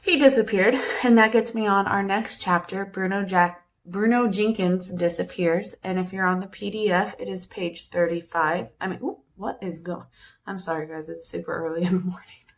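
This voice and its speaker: A woman's voice: mid-range voice, steady tone, normal speed. A woman teacher chatting informally to her class before a reading, easygoing and friendly in tone. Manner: chatty and informal, with small laughs. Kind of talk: casual talk to a class on video.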